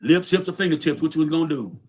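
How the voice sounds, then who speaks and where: A man's voice: fairly high pitch, animated, quick pace, darkish tone. A man telling a long story in casual, profane street talk, often repeating his words.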